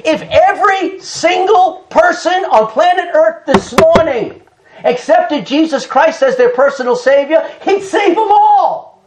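A pastor preaching an impassioned sermon to his church, shouting at some points and laughing between phrases. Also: very high voice, lively intonation, unhurried, slight background noise, low-quality recording.

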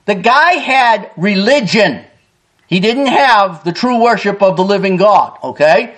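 A man preaching with a strikingly high voice for a man. He is emphatic and reads passages of old-style scripture aloud. He keeps calling his listeners folks as he drives each point home. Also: animated, a little slow, fairly bright tone. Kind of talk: sermon with scripture reading.

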